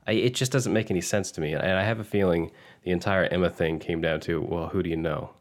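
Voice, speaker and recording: Deep-voiced, blunt male co-host. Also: fast. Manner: blunt, opinionated, ranting. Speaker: podcast co-host. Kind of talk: casual chat.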